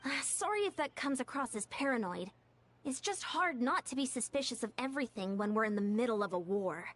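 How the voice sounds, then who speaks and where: A woman voicing a cautious female military leader in a video game who speaks in a measured, articulate way. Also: a little high, lively intonation. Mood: wary.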